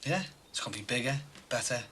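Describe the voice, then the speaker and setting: A man's voice: medium pitch, animated, fast talker, sharp tone. An actor playing a cocky man who teases and brags about his money. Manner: smug, teasing, boastful. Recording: noisy TV broadcast sound.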